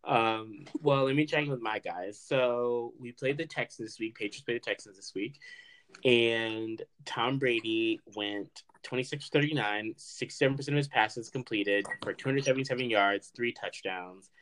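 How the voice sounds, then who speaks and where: A man chatting on a casual podcast in a relaxed, mid-pitched voice. He reels off game statistics with easy familiarity and throws in the odd swear word. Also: normal speed. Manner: relaxed, rattles off stats, profane asides.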